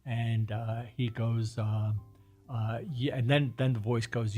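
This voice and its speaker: A man's voice: medium pitch, flat delivery, slow, warm tone, faint music behind. A man hosting a casual chat, retelling old TV shows in a rambling, hesitant way with many fillers. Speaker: host.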